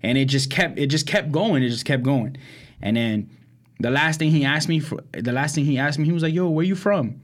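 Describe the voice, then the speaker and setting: A young Brooklyn podcast co-host with a mid-range voice talks fairly quickly as he spins stories in a loose chat. Animated throughout, he acts out quotes and peppers his speech with "like" and "um."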